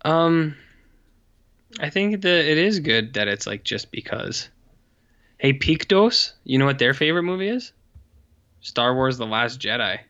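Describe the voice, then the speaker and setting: A man co-hosting a podcast, chatting casually about movies with wry, quick quips. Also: medium pitch, sing-song, sharp tone, no room sound, dull audio. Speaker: podcast co-host. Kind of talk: casual movie-review chat.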